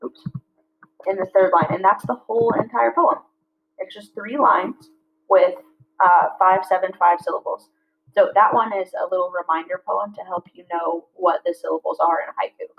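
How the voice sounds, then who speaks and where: Woman teaching a slow, clear lesson. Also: fairly low pitch, fairly even intonation. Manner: slow, clear syllable-by-syllable reading. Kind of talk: classroom lesson. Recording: slightly dull lo-fi audio.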